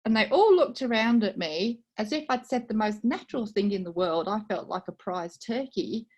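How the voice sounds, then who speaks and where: Brief: middle-aged British woman with a slight Aussie twang, soft-spoken storyteller, talking over a video call. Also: medium pitch, lively intonation, normal speed. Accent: British with a slight Australian twang. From United Kingdom. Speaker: guest speaker. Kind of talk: personal story for a speaking club.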